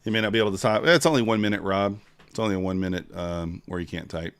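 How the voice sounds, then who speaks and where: A man's voice: fairly low pitch, fast, fairly bright tone, smooth, dry recording. A man hosting a casual trading livestream, chatting with viewers and counting down a giveaway.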